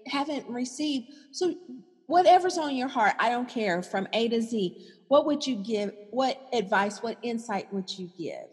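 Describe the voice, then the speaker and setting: Husky higher voiced woman host, gushing and chatty, long reverb around her. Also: animated, unhurried, a little mellow. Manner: effusive, exclamatory, lots of wows. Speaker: talk show host. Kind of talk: casual interview chat.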